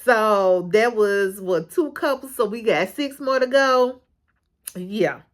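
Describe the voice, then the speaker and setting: A woman's voice: mid-range voice, expressive, slow pace. A woman hosting a casual recap of a reality show, frank and chatty, often breaking into laughter.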